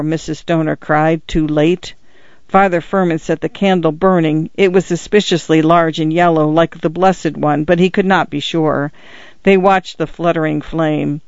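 Man reading a short story, slightly high voice, dry, dull lo-fi recording. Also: fairly even intonation, moderate pace, dry recording. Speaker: audiobook reader. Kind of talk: scripted narration of a short story.

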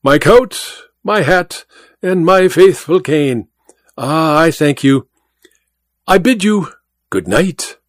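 A man's voice: on the high side, lively intonation, slow, pauses often, no echo, studio quality, voice pushed up. A man voicing a sly, suave masked magician bidding a polite farewell. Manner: suave, mock-polite, naive-sounding.

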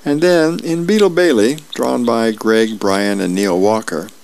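A middle-aged man volunteering as a reader, reading newspaper comics and celebrity birthdays aloud in a friendly, unhurried way with small asides. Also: lowish voice, gravelly, a little mellow.

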